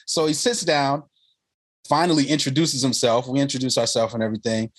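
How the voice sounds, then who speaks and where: Husky-voiced man telling stories animatedly. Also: medium pitch, a little fast. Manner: animated, quoting others in lively voices. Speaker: filmmaker guest. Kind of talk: conversational storytelling.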